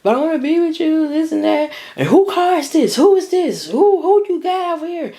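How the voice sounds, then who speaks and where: A woman voicing a crying young woman who begs and pleads in a high, whiny voice. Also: lively intonation, moderate pace, warm tone. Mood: pleading. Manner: high begging whine.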